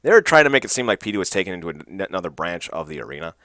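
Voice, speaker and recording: A man's voice: low voice, very animated, racing, sharp tone, dry recording, studio quality. A man hosting a podcast, recapping wrestling in a loose, profane way with lots of fillers and laughs. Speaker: podcast host.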